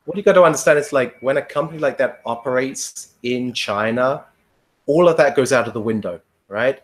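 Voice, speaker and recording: A man in casual podcast chat, telling a long rambling story, swearing freely and laughing often. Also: lowish voice. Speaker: podcast guest.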